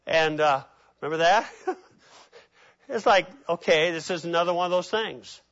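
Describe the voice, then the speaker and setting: A pastor preaching a sermon, animated, acting out the voices of people he quotes. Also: a little high, normal speed, pauses often. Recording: muffled lo-fi sermon recording.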